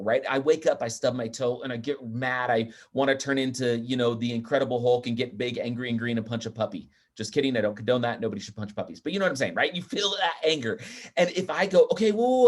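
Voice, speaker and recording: A man speaking as a podcast guest, talking in an energetic, emphatic and chatty way. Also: mid-range voice. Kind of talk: casual interview talk.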